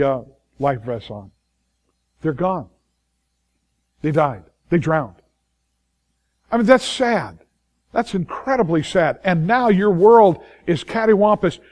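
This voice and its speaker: A male pastor preaches with a fairly high, ringing voice. He leans hard on key phrases and repeats them for weight. Now and then he slips into the voices of anxious people talking to themselves. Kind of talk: sermon.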